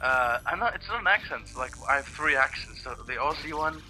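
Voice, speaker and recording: Rambling man with a very bright voice. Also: mid-range voice, lively intonation, brisk, soft background music, low-quality recording. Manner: rambling, swearing, many restarts. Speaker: let's play co-host watching. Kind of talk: casual gaming chat.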